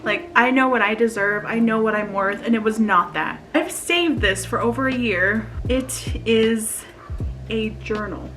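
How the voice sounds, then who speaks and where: A woman's voice: fairly high pitch, a little slow, fairly bright tone, soft background music. A woman in her twenties chatting in a confessional vlog, emotional and laughing nervously as she reads her old journal aloud. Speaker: vlogger.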